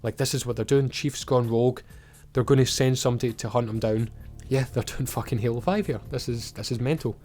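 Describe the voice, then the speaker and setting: A man's voice: mid-range voice, a little fast, soft background music. Casual man recapping a show. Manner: swearing, animated retelling. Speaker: video reviewer. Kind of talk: casual recap with acted-out quotes.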